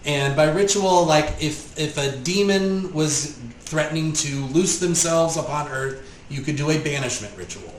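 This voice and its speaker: A man's voice: a little high, a little slow, few pauses, a little hiss or hum. Man narrating as game master, roomy sound.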